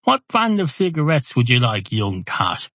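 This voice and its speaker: A man's voice: medium pitch, wildly swooping pitch, moderate pace, a bit bright, no room sound, exaggerated voice. A man voicing a polite, obliging middle-aged barman. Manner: polite and accommodating.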